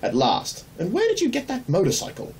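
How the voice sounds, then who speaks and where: Old wizard headmaster, wry and calm, put on by a male narrator; set-back mic. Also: high-pitched, voice pushed up, exaggerated voice. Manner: mild, dry, unhurried. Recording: distant mic, faint hum.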